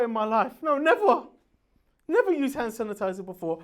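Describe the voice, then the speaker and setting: A man doing a stand-up comedy routine on stage, loud and brash, laughing at his own jokes. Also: very high-pitched, sing-song, quick pace.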